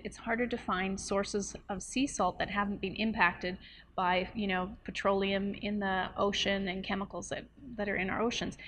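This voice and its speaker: Woman, nutrition coach, casual to-camera chat, explains plainly, playful asides, quick to laugh. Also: medium pitch, a bit bright.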